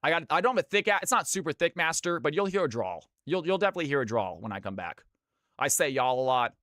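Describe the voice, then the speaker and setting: A man's voice: big pitch swings, quick pace, fairly bright tone, no echo, studio quality. A man from Georgia in the US, casting a live game stream with lots of energy and chatting with viewers. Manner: high-energy, hyped.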